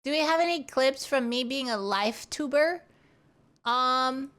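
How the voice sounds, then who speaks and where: A woman streaming from home and chatting to her viewers. She talks slowly and loosely in a fairly high voice, rambling and restarting her sentences. She sits close to a studio mic. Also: a bit bright. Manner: rambling, playful, trails off and restarts. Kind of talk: casual chat.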